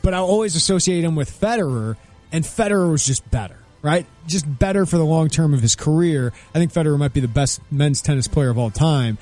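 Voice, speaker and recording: A man co-hosting a casual sports talk show, brisk and opinionated, laughing easily at his partner's jokes. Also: a little high, lively intonation, darkish tone, faint music behind.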